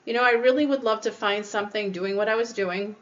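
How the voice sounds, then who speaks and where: A woman's voice: mid-range voice, fast talker, dull audio. A woman hosting a podcast, giving encouraging spiritual self-help advice in a conversational way and acting out little quoted voices. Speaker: podcast host.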